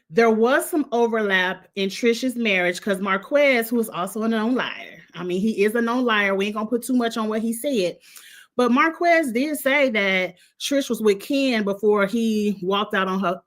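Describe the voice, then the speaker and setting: A woman's voice: a little high, normal speed. A woman from Illinois with a blended Midwestern and Southern US accent, giving a blunt, sassy, opinionated recap of reality TV in casual chat. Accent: Midwestern US mixed with Southern US. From Illinois, USA.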